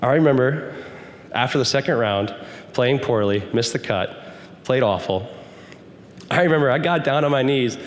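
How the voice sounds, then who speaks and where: A man's voice: mid-range voice, normal speed, pauses often. A young man giving an earnest, emphatic testimony sermon to a youth group as a guest speaker. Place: church hall. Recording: hall reverb.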